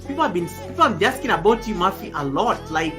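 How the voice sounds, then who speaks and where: A young woman from Kenya chats on her home livestream, loud and lively as she welcomes each viewer by name. Her voice sits at an ordinary middle pitch. Clear music plays underneath her talk. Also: fast. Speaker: livestream host. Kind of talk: casual livestream chat. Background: background music.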